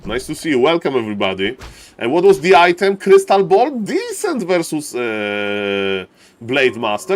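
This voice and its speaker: A man who is not an English speaker, commentating a strategy game match live on stream, greeting viewers and getting loud at big plays. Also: on the high side, normal speed. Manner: excitable, shouts at big plays, non-native English phrasing. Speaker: esports caster and streamer.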